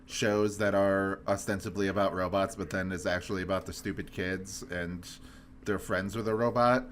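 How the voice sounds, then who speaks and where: A man's voice: low-pitched, steady tone, normal speed, a little hiss or hum. A man co-hosting a podcast in loose, rambling casual chat and laughing often. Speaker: podcast co-host.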